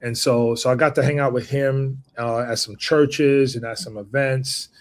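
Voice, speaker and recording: A man hosting a casual chat, relaxed and loose, often restarting his sentences. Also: mid-range voice, moderate pace. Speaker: host.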